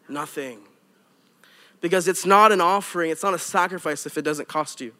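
High-voiced male pastor preaching casually. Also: a little slow. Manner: animated, conversational preaching with asides. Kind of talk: sermon.

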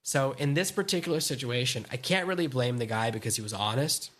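A man's voice: medium pitch, brisk, fairly bright tone. A middle-aged man co-hosting a dating podcast, lecturing with firm opinions in casual chat. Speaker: podcast co-host.

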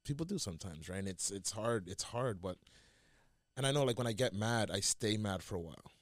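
On a dry, studio-quality recording, a man with a lowish voice co-hosts a podcast, speaking briskly with lively intonation. His casual chat rambles, full of restarts and bits where he acts out what he tells himself.

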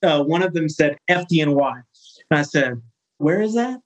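A man in his thirties from California, a firefighter guest telling a story in a casual interview, animated and acting out the people he quotes. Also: fairly high pitch, normal speed, rough recording. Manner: animated, acts out quoted voices.

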